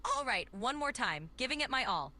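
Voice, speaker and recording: This synthetic woman's voice, cast as an AI assistant, responds to requests cheerfully and accommodatingly, staying polite and upbeat while stretching and shouting her vowels. It runs on the high side, very animated, at a moderate speed.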